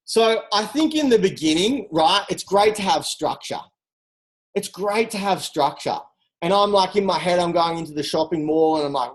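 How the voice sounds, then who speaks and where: A coach giving an energetic, direct motivational talk on a group call, full of rhetorical questions. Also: mid-range voice, normal speed, poor audio. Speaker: team coach.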